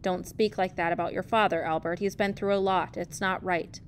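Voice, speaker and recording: A woman reading aloud, voicing a weary, stern farm mother in a low, subdued voice. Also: steady tone, moderate pace, slight background noise, close to an everyday voice.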